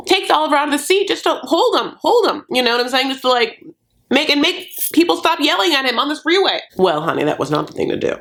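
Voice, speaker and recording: A woman's voice: high-pitched, big pitch swings, fast, creaky, a bit bright. A woman giving a sassy, campy recap of a reality TV show, calling her viewers "honey" and acting out quotes in put-on voices. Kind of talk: casual commentary.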